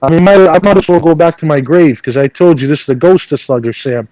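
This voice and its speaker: Young male caller, brags, fills gaps with "hold on", phone mic, highish voice. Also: fast talker, a little mellow, dry recording, low-quality recording. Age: 20s. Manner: boastful, keeps saying "listen" and "hold on". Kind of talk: joking call-in banter.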